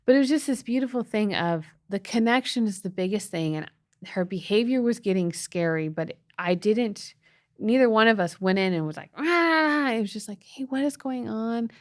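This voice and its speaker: A woman's voice: medium pitch, animated, normal speed, dry recording. Earnest storytelling mother, dry close mic. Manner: emotional, earnest storyteller with restarts. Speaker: podcast co-host, mother. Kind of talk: casual storytelling chat.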